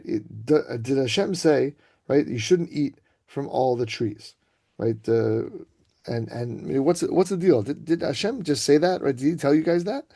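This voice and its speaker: A man giving an informal Torah talk to students over a video call, chatty and conversational, often checking in with a quick "right?". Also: medium pitch, warm tone. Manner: casual, conversational, keeps asking "right?".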